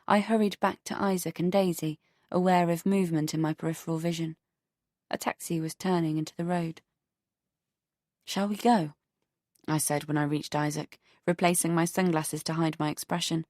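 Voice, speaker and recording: A woman narrating an audiobook in an expressive, measured storytelling manner on a close studio microphone. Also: on the low side, no room sound.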